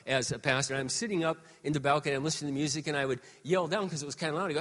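A man in his sixties preaching a sermon as pastor, moving between quiet, confiding talk and loud, shouted exhortation. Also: a little high, steady tone, very fast, hardly any pauses, in a large hall. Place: church sanctuary.

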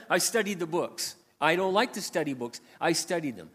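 Storytelling preacher in a reverberant hall. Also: male voice, high-pitched, moderate pace. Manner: animated, swings between loud and quiet. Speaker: pastor. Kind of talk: sermon storytelling.

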